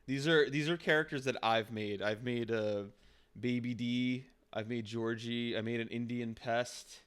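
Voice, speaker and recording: A man's voice: mid-range voice, steady tone, measured pace, fairly bright tone, clean tone. A man streaming casually, rambling with frequent restarts and swearing as he chats.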